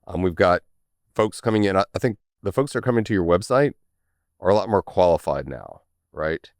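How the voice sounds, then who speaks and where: A man with a Southern US drawl talks casually as a podcast guest. His voice is very low and smooth. He restarts phrases and checks in with "right?", recorded dry and close. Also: animated, fairly quick, dry recording. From Tennessee. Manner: repeats words often, frequent "right?" tags, laughs easily. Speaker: podcast guest, channel sales manager.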